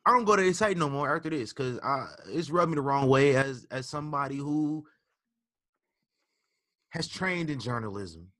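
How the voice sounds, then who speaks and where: Male podcast host, bright, tense tone, rambling delivery with restarts, dry close mic. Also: medium pitch, animated, normal speed, no room sound. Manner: rambling, stumbles and restarts, many ums. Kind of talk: casual podcast chat.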